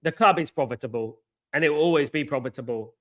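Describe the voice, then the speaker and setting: The host of a football fan channel rants to viewers during a live watchalong, frustrated and repeating himself often. He speaks quickly in a mid-range voice, filling gaps with ums.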